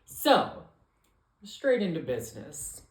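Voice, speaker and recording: A man co-hosting a podcast in casual chat, animated and campy with playful slang. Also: on the high side, takes it slowly. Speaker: podcast co-host. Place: room at home, with the co-host across a coffee table. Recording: echoey room.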